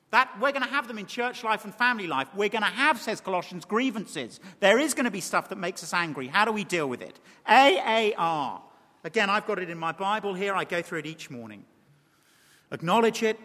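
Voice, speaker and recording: A man preaching an animated sermon, speaking directly to the congregation. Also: high voice. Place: large church. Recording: long hall reverb.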